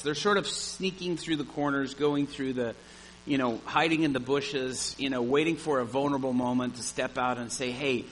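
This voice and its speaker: A man preaching a sermon, telling a story with animated energy. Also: medium pitch, normal speed, slight background noise, low-quality recording. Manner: animated storyteller, shouts at the climax.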